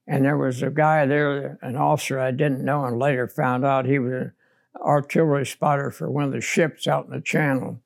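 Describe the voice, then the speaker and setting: An older veteran, interviewed for an oral history, recounts his war memories in a gravelly, rough-edged mid-range voice. He is blunt and unsentimental, keeping his delivery flat and matter-of-fact at a moderate pace.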